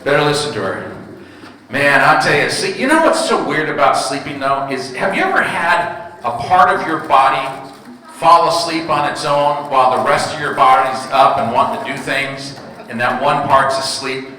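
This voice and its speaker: A man in his fifties does stand-up in a large hall, telling stories about home life and doing crowd work with the audience. His mid-range voice is pushed and bright at a normal speed, picked up from far off with an echoey hall sound.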